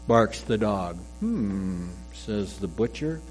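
A man's voice: fairly low pitch, very animated, a little mellow. A man preaching a sermon, telling a joke with character voices before reading scripture and explaining it. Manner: slow, measured delivery with a joke told in voices. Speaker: pastor. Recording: faint mains hum.

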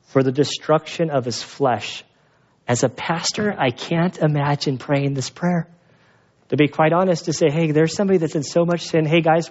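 A man's voice: fairly high pitch, dull audio. Man preaching a conversational sermon. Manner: conversational storytelling with animated asides. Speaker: pastor.

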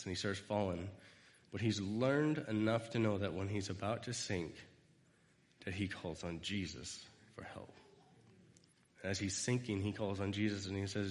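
A man's voice: lowish voice, moderate pace, big-room sound. A man giving an informal sermon, rambling through personal stories and acting out quoted lines. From United States. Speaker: speaker giving a devotional talk.

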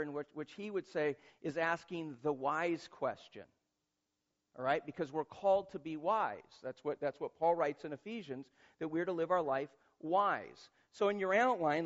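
High-voiced pastor preaching conversationally. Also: male voice. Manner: conversational, emphatic, asks rhetorical questions. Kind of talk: sermon. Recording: muffled lo-fi sermon recording.

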